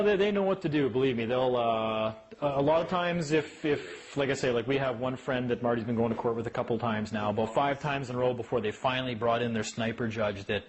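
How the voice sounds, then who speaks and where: A man's voice: mid-range voice, poor audio. A man giving a casual talk on legal rights to a small group, telling stories and acting out voices. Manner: animated storyteller who acts out voices.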